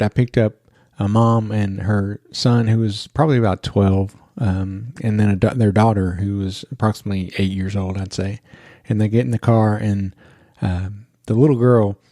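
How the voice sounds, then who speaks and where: Mellow-voiced male podcast host. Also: lowish voice, dry recording, clean studio sound. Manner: chatty, laughs while telling stories. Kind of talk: casual storytelling.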